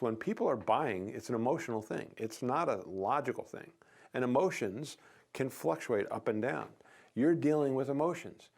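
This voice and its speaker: A man's voice: medium pitch, vocal fry, darkish tone. A middle-aged man giving casual coaching on sales, telling stories and acting out quoted lines with animation. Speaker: chiropractic sales consultant.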